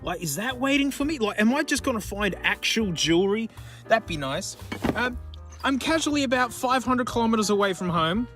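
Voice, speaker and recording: A high-pitched Australian man rambles through a casual outdoor vlog, his voice leaping all over the place as he jokes with the objects he finds. His delivery is excitable and loose, with music playing behind him. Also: brisk. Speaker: YouTube host. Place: outdoors in remote bushland, plagued by flies.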